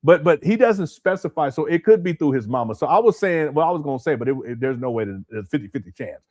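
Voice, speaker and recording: A man's voice: a little high, lively intonation, quick pace, a little mellow. A man hosting a casual live stream at home, rambling and repeating his words as he talks to his chat. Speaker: commentary channel host. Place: hot home room.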